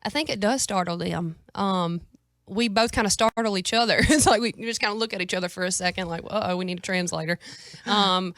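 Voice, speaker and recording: A young woman with a Southern US accent, chatting as a guest in a casual radio interview, folksy and quick to laugh. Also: mid-range voice, a bit bright, no room sound, clean studio sound. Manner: folksy, drawling, laughs easily. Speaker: guest singer-songwriter.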